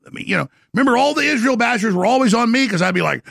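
A middle-aged man with a very gravelly, strained voice that sits high. He rants intensely on his talk show, boastful and combative. The sound is bone-dry and close. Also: animated, fast, few pauses, fairly bright tone, dry recording. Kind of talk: ranting monologue.

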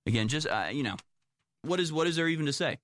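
A man's voice: on the high side, expressive, fast talker, a bit bright, no echo, clean studio sound. A man commenting on the news, reading reports aloud and reacting in a sarcastic, exasperated, rambling way. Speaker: political commentator.

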